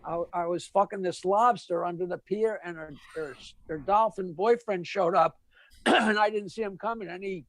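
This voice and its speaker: A man voicing a battered, sheepish male clam in a told joke, speaking in a low mutter. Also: moderate pace, dry recording.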